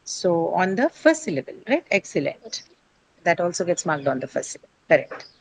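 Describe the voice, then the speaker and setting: A woman's voice: fairly low pitch, big pitch swings, brisk, slightly rough, rough recording. A woman teaching an English pronunciation lesson, patiently explaining and asking the class questions, often checking with "right?". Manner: patient, explanatory, asks questions then answers them, frequent "right?".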